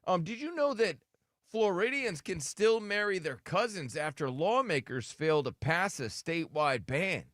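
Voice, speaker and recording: High bright-voiced guy hosting morning radio, playful and joking. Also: lively intonation, a little slow, no room sound, studio quality. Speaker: radio show host. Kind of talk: casual morning radio banter.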